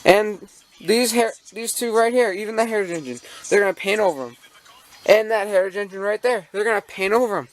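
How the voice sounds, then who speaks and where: A man's voice: sits high, a little fast. A young American man ranting casually about railroads, rambling and indignant, with many fillers and restarts, filmed on a handheld camera in his model railroad room at home. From United States. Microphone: handheld camera mic.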